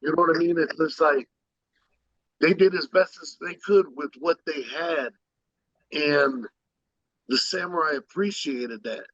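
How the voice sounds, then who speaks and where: A man co-hosting a casual podcast chat about films, talking excitedly and often asking "you know what I'm saying". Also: fairly high pitch, unhurried, pauses often, no echo, highs cut off. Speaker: podcast co-host.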